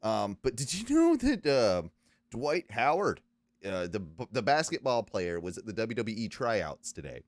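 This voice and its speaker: Guy in his 30s hosting a podcast, rambly and halting, keeps restarting, dry close mic sound. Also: lowish voice, big pitch swings, dry recording. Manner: loose, halting, lots of uh and restarts. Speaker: podcast host. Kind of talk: casual chat.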